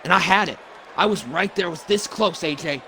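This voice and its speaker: A man voicing a weary, emotional male wrestler in a fan wrestling promo, talking in halting, stammering restarts. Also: high-pitched, pushed and bright, a little hiss or hum. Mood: earnest. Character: weary, emotional male wrestler, middle-aged, soft-spoken. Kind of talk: wrestling promo role-play.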